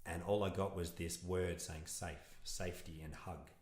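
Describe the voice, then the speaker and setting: Deep-voiced earnest man. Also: steady tone, moderate pace, a little mellow, echoey room. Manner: earnest, reflective, rambling with restarts. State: emotional. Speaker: podcast guest. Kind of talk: casual conversational interview.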